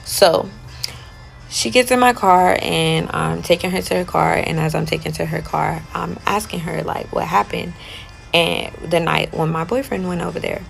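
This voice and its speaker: A woman's voice: lowish voice, moderate pace, creaky, soft background music, low-quality recording. A young woman chatting casually as she retells a personal story, often slipping into quotes of what she and others said.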